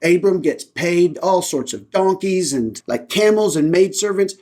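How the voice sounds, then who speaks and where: With an animated but unhurried delivery and a darkish tone, a man whose voice is fairly high reads scripture and then retells it in a casual, irreverent way. He sounds like a lay teacher podcasting, more joking than preachy.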